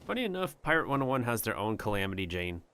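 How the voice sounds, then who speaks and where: A man's voice: lowish voice, very animated, fast, a bit bright, a little hiss or hum. Rambling, jokey male game streamer. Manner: rambling and jokey, talks to his chat and slips in joke drawls. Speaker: livestreamer. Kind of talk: casual gameplay commentary.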